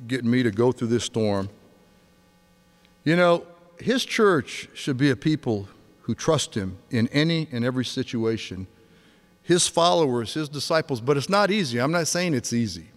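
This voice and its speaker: A man in his sixties preaching a sermon, telling stories with energy and dropping to a hush for emphasis. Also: mid-range voice. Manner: animated storytelling, swings from loud to hushed. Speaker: pastor. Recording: long hall reverb.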